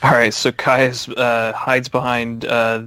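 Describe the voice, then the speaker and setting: A man narrating a tabletop game as game master, halting with many fillers. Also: medium pitch, level tone, sharp tone, clear, resonant tone, no room sound.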